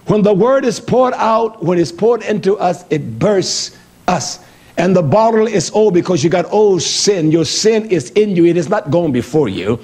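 A middle-aged man preaching a sermon, blunt and lively, jumping between high exclamations and low mutters. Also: moderate pace, slightly rough.

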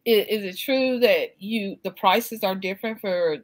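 A woman hosts a casual conversation. Her voice sits at a middle pitch. She talks at an unhurried pace with a reflective, easygoing manner. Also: rough recording. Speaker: host.

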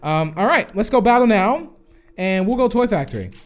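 A young man giving live commentary on a shooter game, excitable and chatty with viewers, bursting into whoas and cheers. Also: high voice, normal speed. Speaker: gaming YouTuber.

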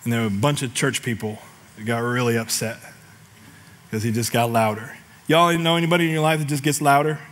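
A middle-aged American man preaching a lively, joking sermon that builds to shouts. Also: medium pitch, a little fast, slight background noise. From United States. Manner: animated, jokey, shouts scripture cries. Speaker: pastor.

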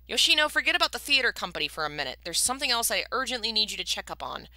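A woman's voice: on the high side, very animated, very fast, bright, forceful tone, no room sound, voice pushed up, full character voice. A woman reading a book aloud and voicing a desperate man who pleads urgently for his family's lives.

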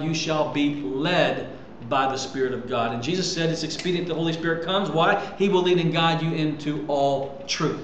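A male preacher with a fairly high voice delivers a lively sermon, jumping between loud bursts and soft low lines and repeating words as he goes. He was recorded in an echoey room with faint noise in the background.

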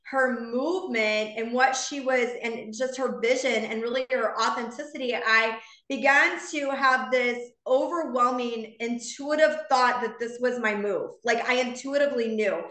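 Bright-voiced woman in her fifties, heartfelt. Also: on the high side, unhurried, echoey room. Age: 50s. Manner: earnest, heartfelt, conversational storytelling. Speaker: founder speaking to her business community. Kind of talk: personal testimony to a live online audience.

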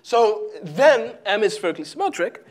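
Man lecturer, slightly high voice, halting chalkboard delivery full of "um"s. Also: sing-song. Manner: halting, full of fillers and restarts while writing. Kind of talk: live chalkboard math lecture. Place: lecture hall.

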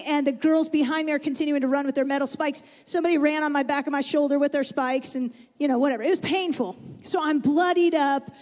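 A woman's voice: high voice, a little mellow. A woman preaching a sermon in a church, chatty and often asking the congregation questions. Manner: conversational, asks the audience questions. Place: church sanctuary. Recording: long reverb in a church hall.

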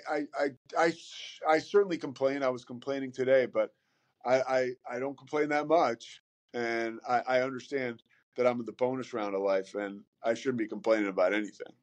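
Man, podcast guest, middle pitch, animated, rambling, stumbles over starts. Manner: animated, rambling, repeats words when starting. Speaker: podcast guest, sports broadcaster. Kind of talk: casual conversation.

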